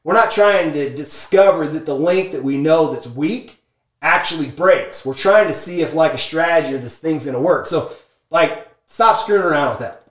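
A man telling a business story in an energetic, emphatic monologue, peppering his talk with "like" and "okay?". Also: fairly high pitch, moderate pace. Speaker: speaker sharing business lessons from a book. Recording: echoey room.

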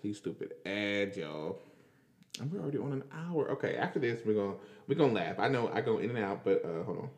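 A man hosting a podcast, talking in casual, animated commentary, laughing and repeating himself as he reacts. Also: fairly low pitch, a little fast, big-room sound, dull audio. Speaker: podcast host.

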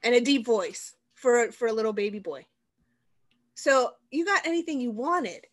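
A woman's voice: on the high side, lively intonation, moderate pace. A middle-aged woman co-hosting a podcast, chatting playfully with her brother, laughing often and trying silly voices. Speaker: podcast co-host. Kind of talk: casual chat between siblings.

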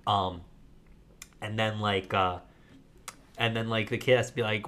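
A man co-hosting a podcast in casual chat, telling a story in a rambling, animated way full of fillers. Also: fairly low pitch, unhurried, long pauses. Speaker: podcast co-host.

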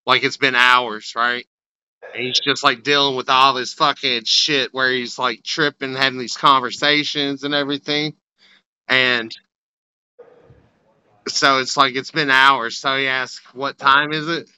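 A man's voice: medium pitch, level tone, unhurried, sharp tone, clean tone, no room sound, highs cut off. A man chatting casually and profanely on a podcast, full of "like.". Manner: loose and profane, with filler "like". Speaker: podcast co-host.

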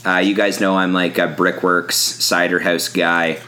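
Low-voiced young male co-host, crisp bright edge, teasing and quick to laugh. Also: flat delivery. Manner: joking, laughs often, drinks while talking. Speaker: podcast co-host. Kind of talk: casual podcast chat.

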